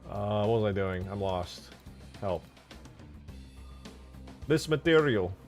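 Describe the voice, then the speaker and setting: Lively low-voiced American guy, joking. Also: slow pace, soft background music. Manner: joking, mutters to himself, sudden excited yelps. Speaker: modding streamer. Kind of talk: casual live-stream commentary while working.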